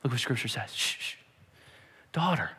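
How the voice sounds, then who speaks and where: Gentle hushed jesus done by a man, calm and soft, echoey hall. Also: mid-range voice, fairly quick, slightly rough, pitched below the performer's own voice. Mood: soothing. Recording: long hall reverb.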